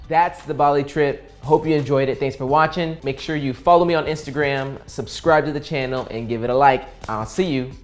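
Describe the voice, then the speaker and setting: A man's voice: mid-range voice, brisk, few pauses, soft background music. A young man vlogging about a trip, telling the story earnestly and acting out what people said. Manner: earnest, animated storyteller who acts out quoted dialogue. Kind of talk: casual travel vlog storytelling.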